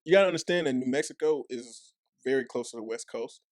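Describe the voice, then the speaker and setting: Talking fast at medium pitch over crowd noise, a young former football player from Dallas with a Texas accent swaps stories as a podcast guest. It's casual, profane chat, heavy on "like" and with quotes he acts out.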